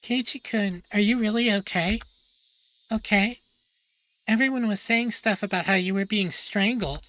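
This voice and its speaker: A woman's voice: mid-range voice, unhurried, a bit bright, dry recording, pitched above the performer's own voice, close to an everyday voice, rough recording. A woman voicing a caring teenage schoolgirl who frets over a friend. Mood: worried.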